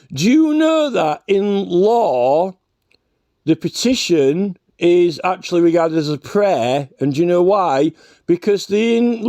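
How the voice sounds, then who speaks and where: A man's voice: high voice, a little mellow, no echo, clean studio sound. A man giving combative ranting commentary, repeatedly challenging the man he is arguing with and restarting his sentences. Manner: halting restarts and stammers. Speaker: reaction vlogger.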